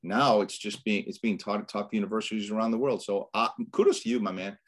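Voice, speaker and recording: Deep-voiced Boston-accented middle-aged man. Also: fast, fairly bright tone. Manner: earnest and motivational, with frequent restarts. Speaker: financial coach guest. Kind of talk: casual podcast interview.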